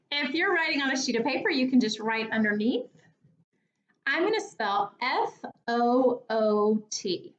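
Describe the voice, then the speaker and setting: A woman teacher leading a phonics lesson for young children, speaking slowly and clearly with an encouraging tone. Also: a little high, animated, muffled recording, a little hiss or hum. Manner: slow, clear, encouraging, over-articulated.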